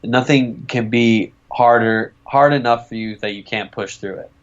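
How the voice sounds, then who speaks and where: A man's voice: medium pitch, normal speed, lo-fi sound. A young man co-hosting a podcast in casual chat, rambling through stories and swearing freely. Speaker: podcast co-host.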